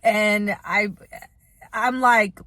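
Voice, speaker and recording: A woman's voice: mid-range voice, fairly even intonation, very slow, bright, forceful tone, dry recording, clean studio sound. A young woman from the United States telling a rambling, candid story to her vlog audience and swearing freely. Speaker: vlogger.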